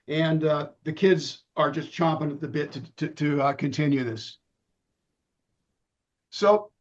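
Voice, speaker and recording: Middle-aged man, hoarse, dull call audio. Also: on the high side. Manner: relaxed, with many ums and restarts. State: losing his voice. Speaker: presenter. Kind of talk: talk over video call. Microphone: video call.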